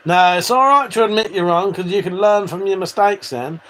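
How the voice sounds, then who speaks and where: A man's voice: high-pitched, measured pace, fairly bright tone, slight background noise. A British man chatting casually with viewers on a live stream, swearing freely and bantering. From United Kingdom.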